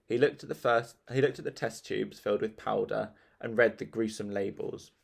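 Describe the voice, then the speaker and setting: Man reading a kids' story, low voice, gravelly, slow, playful.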